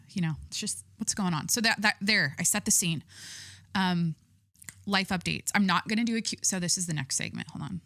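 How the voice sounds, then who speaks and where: A woman hosting her own podcast in a casual solo chat, talking forcefully from the chest and rambling with lots of fillers. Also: on the low side, normal speed, pauses often, no room sound, studio quality. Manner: forceful, talks with full chest; chatty, rambling with many fillers. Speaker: podcast host.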